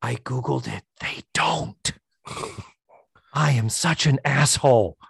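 A man's voice: mid-range voice, slow, creaky, breathy edge, no echo, clean studio sound. A man from Puerto Rico co-hosting a podcast, recapping a sitcom episode in casual chat, acting out the characters' lines with lots of laughter and swearing. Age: young adult. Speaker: podcast co-host.

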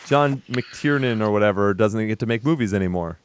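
A man's voice: lowish voice, a little fast, a crowd in the background, background noise. A young man co-hosting a casual movie podcast, blunt, sarcastic and profane. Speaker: podcast co-host.

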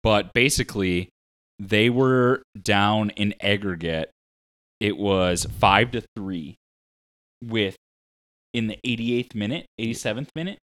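A man's voice: fairly low pitch, takes it slowly, fairly bright tone. A man co-hosting a podcast, explaining a sports match step by step in laid-back casual chat. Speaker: podcast co-host.

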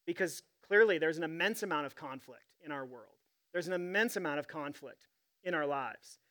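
Bright-voiced male pastor preaching. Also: a little high, normal speed. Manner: conversational, storytelling with humor. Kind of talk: sermon.

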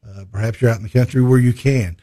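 A man from a state conservation department, speaking in a halting, conversational way with many fillers and restarts. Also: medium pitch, steady tone, warm tone. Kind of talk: conversational interview storytelling.

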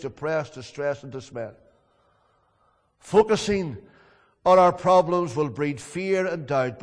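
A man delivers a solemn sermon, often letting each phrase sink and fade at the end. His voice sits fairly high for a man. The sound carries a long echo from a large hall. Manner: solemn, with falling phrase endings. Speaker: preacher.

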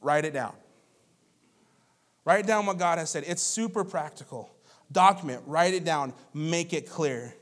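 A pastor in his thirties preaches a sermon, telling stories in a lively, conversational style with asides to the congregation. His voice is a little high, his pace measured, and he takes long pauses.

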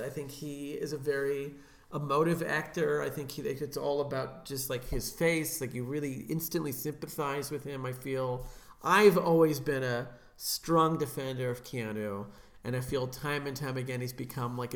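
A man's voice: a little high, roomy sound. A man co-hosting a film podcast, chatting casually and enthusiastically, with lots of fillers. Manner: enthusiastic, filler-heavy, laughs often. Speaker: podcast co-host.

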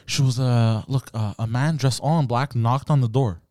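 A young man from Canada chatting casually on a podcast, telling stories in an animated, crude, joking way. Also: mid-range voice, moderate pace, dry recording. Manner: animated storytelling with crude banter. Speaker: podcast host. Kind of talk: casual chat.

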